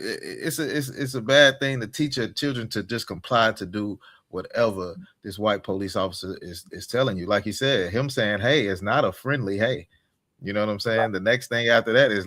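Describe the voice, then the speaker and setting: A man's voice: lowish voice, fairly quick, a bit bright, no room sound, clean studio sound. A man co-hosting a podcast, talking emphatically in casual chat. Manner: emphatic, keeps saying "you know what I'm saying". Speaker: podcast co-host.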